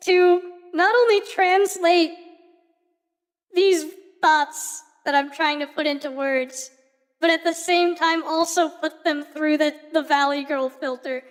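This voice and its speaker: A woman streamer with a very high voice gives a slow, earnest pep talk to her chat. She pauses now and then to search for her words. Her voice carries a long reverb tail over faint music.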